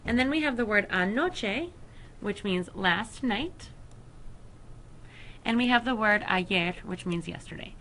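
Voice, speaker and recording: A woman teacher explaining a Spanish grammar lesson to her students, slowing down to spell out each verb form. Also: mid-range voice, expressive, bright, forceful tone, slight background noise. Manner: slow, careful explanation with deliberate pauses over verb forms. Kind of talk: recorded flipped-classroom lesson.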